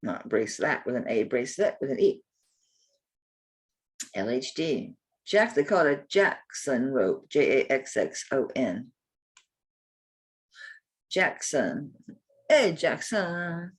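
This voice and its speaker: An older woman sells jewelry on a live stream, rambling and muttering to herself as she looks up items, with some mild cursing. Her voice is extremely low and breathy-edged yet lively in intonation, and she speaks slowly with frequent pauses.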